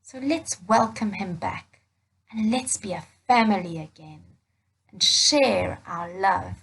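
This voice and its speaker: Storybook dad, joyful and doting, high and gravelly; woman reader voicing him. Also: takes it slowly, heavily acted, low-quality recording. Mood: tender. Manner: excited, gasping, fussing. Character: overjoyed loving father, warm and fussing.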